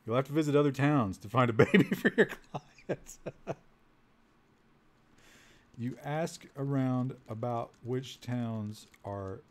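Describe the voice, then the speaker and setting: A man's voice: mid-range voice, measured pace. A male streamer reading a text adventure game aloud to his chat, amused and commenting as he goes. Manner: amused, breaks into laughter at the story; addresses chat directly.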